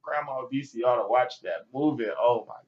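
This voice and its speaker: A man in his twenties hosting a podcast, talking in animated slang and laughing often. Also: mid-range voice, moderate pace. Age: 20s. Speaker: podcast host. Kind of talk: casual chat. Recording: dull lo-fi podcast audio.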